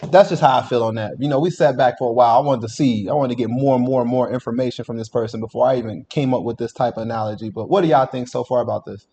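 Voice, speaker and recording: A man co-hosting a show, reacting to a story in blunt, animated casual chat and talking straight to the audience. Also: mid-range voice, fast, hardly any pauses. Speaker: podcast co-host reacting to a story.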